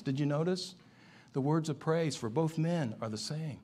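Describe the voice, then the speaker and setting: A man preaching a sermon, emphatic and building to animated climaxes. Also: fairly high pitch, normal speed. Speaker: pastor.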